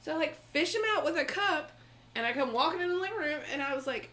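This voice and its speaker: A woman co-hosting a podcast, telling a story in a casual, animated way with frequent laughs and swearing. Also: high voice, quick pace. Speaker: podcast co-host.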